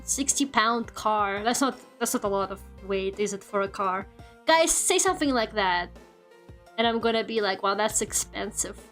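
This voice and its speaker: A woman's voice: on the high side, fairly bright tone. A woman chatting casually on her livestream, laughing often and swearing freely. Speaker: streamer.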